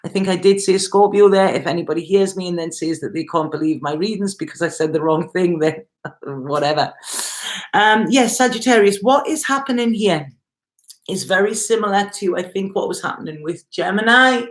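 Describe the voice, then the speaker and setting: A woman's voice: fairly low pitch, normal speed. Chatty woman giving a tarot reading. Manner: chatty, repetitive, reassuring; addresses viewer directly. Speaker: tarot reader.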